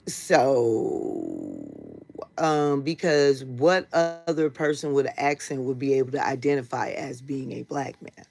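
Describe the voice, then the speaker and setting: A woman's voice: a bass voice, darkish tone. An American woman hosting a casual livestream, talking straight to her viewers in a blunt, heated and profane way. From United States. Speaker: livestream host.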